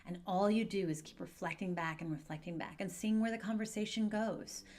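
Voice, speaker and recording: A woman coaching parents through divorce in a calm, gentle and measured way, speaking straight to her viewers in an advice video. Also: medium pitch. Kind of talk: direct-to-camera advice video.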